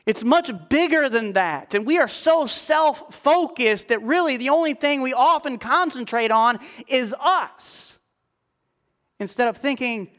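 A male preacher delivering a sermon, emphatic and reading scripture aloud in a slower, lifted voice. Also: very high-pitched, a bit bright.

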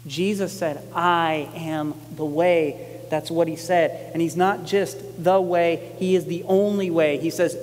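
A male pastor with a high-pitched voice preaches a sermon in a conversational but emphatic style, repeating key lines and becoming animated when quoting people. A long reverb tail trails his words.

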